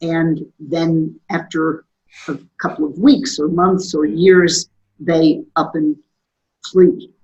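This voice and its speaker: A woman in her sixties, a sociology professor, giving thoughtful, measured answers as a guest. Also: sits low, fairly even intonation, darkish tone, dull audio. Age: 60s. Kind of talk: interview answers.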